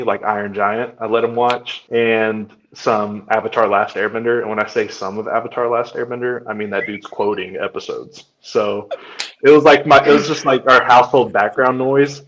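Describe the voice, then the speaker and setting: Young man, podcast co-host, casual storyteller, mid-pitched voice, slightly dull recording. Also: fairly bright tone. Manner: storytelling, acting out his son's lines. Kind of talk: casual chat.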